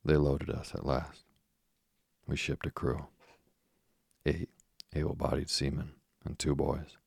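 A man with a deep gravelly voice, reading a story aloud slowly and softly for sleep. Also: no room sound. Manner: soft, even, unhurried delivery. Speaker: narrator.

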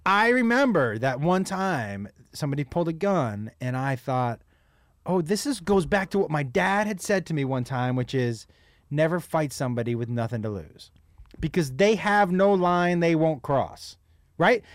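Male co-host, high and lively, profane joker, quick interjections, dry close sound. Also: no echo. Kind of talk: casual chat.

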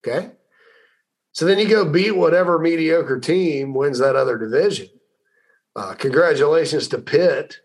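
Rambling male sports radio host. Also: fairly high pitch. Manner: rambling, conversational, repeats words, pauses with fillers. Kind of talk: call-in sports talk.

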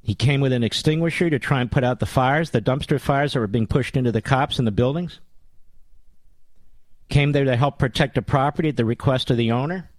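A man's voice: medium pitch, brisk, no room sound. Combative, sarcastic talk radio host man. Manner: combative and sarcastic, with mocking nicknames. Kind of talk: political talk radio monologue.

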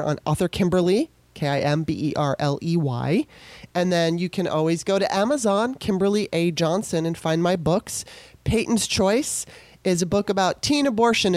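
A woman's voice: lowish voice, darkish tone, no echo. Podcast lady talking close and dry, all over the place emotionally, lots of starts and stops. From California. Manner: emotional, rambling, many restarts. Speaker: podcast host. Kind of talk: casual monologue.

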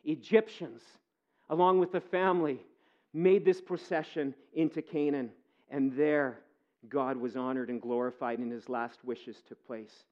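A man preaching a sermon as pastor, earnest, moving between quiet reflection and impassioned pleading. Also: medium pitch, fairly even intonation, measured pace, highs cut off.

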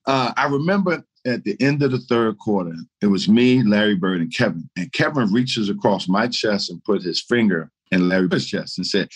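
A man, a guest telling lively stories in casual chat and laughing through them. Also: mid-range voice, brisk, few pauses, breathy edge. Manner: animated storyteller, laughing through anecdotes. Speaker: guest, retired basketball player.

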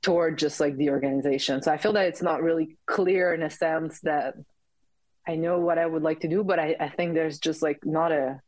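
A woman's voice: low-pitched, steady tone, fairly quick, a little mellow, dry recording, low-quality recording. A woman in her thirties with a French Canadian accent, a podcast guest talking with many fillers and restarts. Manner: hesitant, many fillers and restarts, laughs often. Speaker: guest, Olympic speed skater. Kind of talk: casual interview chat.

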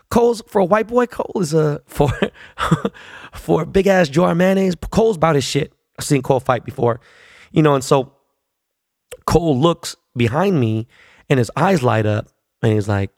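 A man's voice: mid-range voice, gravelly, darkish tone, no room sound, studio quality. A man in his forties telling a long, profane story in a casual, rambling way, full of fillers. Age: 40s.

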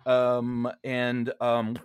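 Drawing out his words in a clear, resonant voice, a male Broadway actor tells stories casually during an interview. He animates quoted lines with big jumps in pitch. The recording has no room sound.

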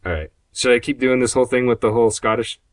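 A man's voice: mid-range voice, fast, no room sound. A man hosting a podcast in casual chat, rambling and joking in a sarcastic way. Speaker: podcast host; graphic designer.

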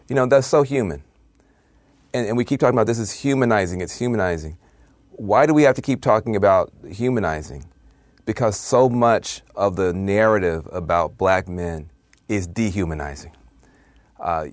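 A man's voice: deep voice, a little mellow, dry recording. A man commenting on a news show in an earnest, passionate way, with frequent restarts. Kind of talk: news interview.

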